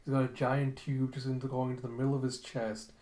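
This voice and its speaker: A man's voice: medium pitch, level tone, quick pace, a little mellow, roomy sound. A man casually narrating a comic recap as host, chatty and laughing often. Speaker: comic read-along host.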